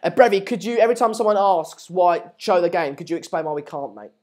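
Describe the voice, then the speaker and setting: A man's voice: high-pitched, fast talker. A young man hosts a live stream, talking loosely with lots of ums and restarts. He answers viewers as he goes and gets worked up when the play picks up. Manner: chatty, reads out and answers viewer messages, many fillers and restarts; excitable bursts during match updates. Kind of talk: casual live watchalong commentary and chat.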